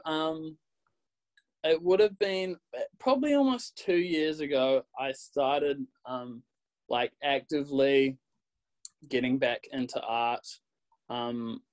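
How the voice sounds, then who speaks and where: A man's voice: medium pitch, poor audio. Laid-back man with a Kiwi accent. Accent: New Zealand. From New Zealand. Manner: relaxed, laughs often, many ums. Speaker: guest, graphic designer. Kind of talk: casual interview chat.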